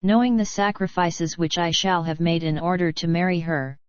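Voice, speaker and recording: A woman reading the lines of an earnest male prince, the young prince's uncle, in an audiobook, speaking stiffly and quietly. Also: lowish voice, fairly even intonation, moderate pace, clean tone, no echo, muffled recording, close to an everyday voice. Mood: determined.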